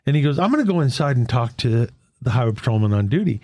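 Earnest man telling a lively faith story. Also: medium pitch, fast, no echo, studio quality. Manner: earnest testimony, retelling dialogue in a lively back-and-forth. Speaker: Catholic men's fellowship leader. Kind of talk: faith-sharing conversation with storytelling.

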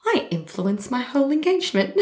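A woman's voice: high voice, moderate pace. Bubbly woman podcast host, roomy sound. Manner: bubbly, laughs often, gasping and excitable. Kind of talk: casual storytelling chat.

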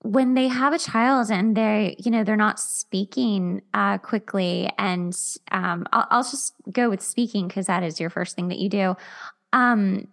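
A woman hosting an interview, chatty and enthusiastic as she asks her guest questions. She reacts warmly and talks in a relaxed, conversational way. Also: mid-range voice, unhurried, vocal fry. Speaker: podcast host. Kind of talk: interview chat.

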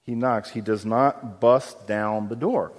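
A man's voice: fairly low pitch, takes it slowly. A man preaching a sermon as pastor, conversational and often asking his congregation questions. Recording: long hall reverb.

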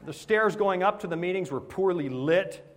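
A man's voice: high-pitched, moderate pace. A man preaching a sermon, telling a story with animation and laughing at himself along the way. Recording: hall with long reverb.

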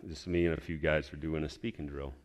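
A man's voice: rumbling low, flat delivery, a little fast. A man giving a personal testimony to his church, telling a story in a rambling, heartfelt way.

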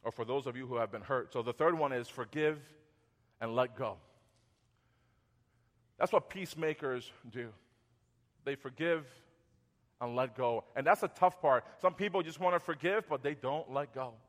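A man in his thirties or forties preaching a sermon as pastor, conversational, repeating words and going soft when acting out apologies. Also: medium pitch, moderate pace, pauses often, big-room sound.

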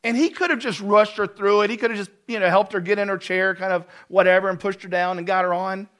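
A man preaching a sermon as a pastor, telling a personal story in a conversational way with self-deprecating humor, dropping to a soft voice for tender moments. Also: high voice, fairly even intonation, quick pace.

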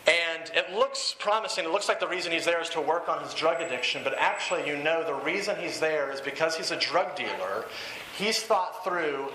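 A male pastor delivers a sermon in a relaxed, conversational way, full of fillers and repeated phrases. His voice sits a little high and sounds bright and forceful. The recording carries a roomy echo and a faint hiss. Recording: echoey room with faint hiss.

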